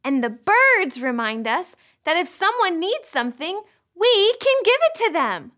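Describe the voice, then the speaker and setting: A woman hosting a children's church lesson, excited and talking to the kids as friends. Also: extremely high pitch, unhurried. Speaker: children's ministry host.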